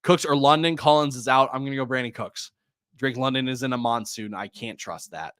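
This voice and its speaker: A man hosting a live fantasy football Q&A, reading viewer questions and giving quick start-or-sit answers, with frequent sighs. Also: medium pitch, fairly bright tone, clear, resonant tone, dry recording, clean studio sound. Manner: rapid answers, reads viewer names and questions; distracted, sighs often. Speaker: fantasy football podcast host.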